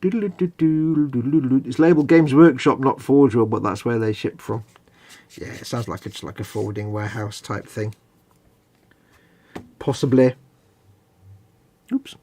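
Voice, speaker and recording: A man's voice: lowish voice, steady tone, a little slow, long pauses, darkish tone, slightly rough. A man co-hosting a live hobby stream, explaining at length in a rambling, casual way with hedges and restarts. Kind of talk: casual chat.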